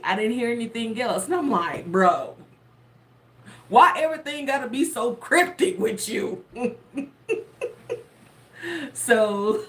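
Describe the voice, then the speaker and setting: Woman, slow delivery, casual storytelling, frequent laughter. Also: medium pitch. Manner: animated, laughing often, chatty and playful. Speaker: tarot content creator.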